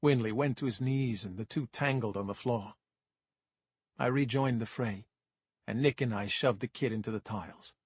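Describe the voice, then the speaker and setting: A man's voice: mid-range voice, normal speed, breathy edge, dry recording. A man narrating a first-person crime audiobook in a dry, wry manner.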